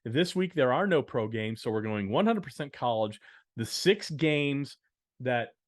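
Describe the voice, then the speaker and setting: A man's voice: medium pitch, lively intonation, unhurried, dry recording. A man co-hosting a podcast, upbeat as he announces football picks, with dry asides. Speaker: podcast co-host. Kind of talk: casual sports-picks chat.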